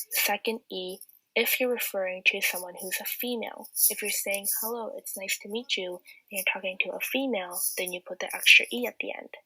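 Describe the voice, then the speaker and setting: A woman's voice: medium pitch, bright, forceful tone, husky, no room sound, low-quality recording. A teenage girl giving a patient, step-by-step beginner language lesson as a student tutor. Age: teens. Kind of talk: slide-based language lesson.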